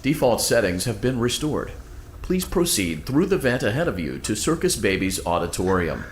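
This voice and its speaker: A calm, chipper robot assistant from a video game, with a low voice that rises and falls in bright, lively sweeps. Every line comes out polite and measured, like a customer-service recording. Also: male voice, noisy background.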